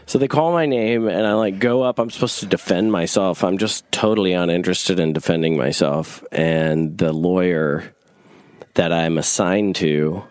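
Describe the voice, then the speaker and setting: A man's voice: low voice, normal speed, darkish tone, dry recording. A young man from North Carolina telling a rambling personal story in casual talk, filling it with "like" and acting out what others said. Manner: rambling, frequent "like", acts out quoted voices. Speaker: guest storyteller.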